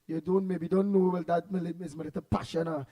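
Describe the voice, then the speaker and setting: Passionate high-voiced Trinidadian man. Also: fairly even intonation, fast talker, low-quality recording. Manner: passionate, loud, says he will drop his voice. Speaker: radio show host. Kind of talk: morning call-in show, greeting listeners.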